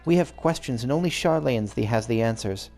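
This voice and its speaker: A man's voice: medium pitch, lively intonation, a little fast, a little mellow, soft background music, lightly acted. A man reading aloud the subdued lines of a guarded young noblewoman in a game.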